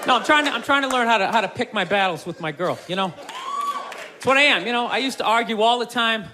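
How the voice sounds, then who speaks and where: Brief: male stand-up comic, very high strained voice, big lively swings, exasperated shouting rant, loud club crowd and noise behind. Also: fast talker. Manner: loud, exasperated ranting, often shouting with crude swearing. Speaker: stand-up comedian. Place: live comedy club stage.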